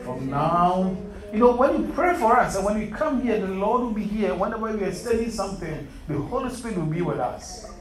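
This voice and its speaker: A man's voice: high-pitched, sing-song, brisk, crowd noise. Earnest male preacher, echoey room. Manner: earnest, quizzes listeners, repeats "beloved". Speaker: Bible study leader. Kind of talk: interactive sermon to a youth group. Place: room set up with chairs. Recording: echoey room, mic far off, faint hum.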